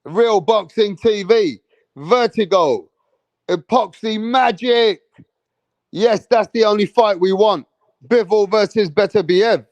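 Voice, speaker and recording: A man's voice: high voice, slow pace, no echo, highs cut off. A man from England hosting a live boxing stream, hyped and profane, repeating his points. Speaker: boxing channel host.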